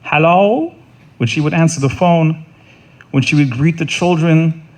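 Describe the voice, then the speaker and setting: A middle-aged man delivering a funeral eulogy in an earnest, halting way, often repeating words and restarting. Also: fairly high pitch, fairly even intonation, darkish tone. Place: funeral service.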